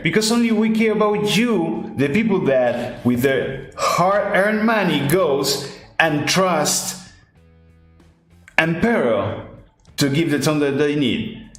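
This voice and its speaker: A man hosting a podcast in casual chat, ranting emphatically and repeating his points, speaking English as his second language. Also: medium pitch. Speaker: podcast host. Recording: echoey room with faint music.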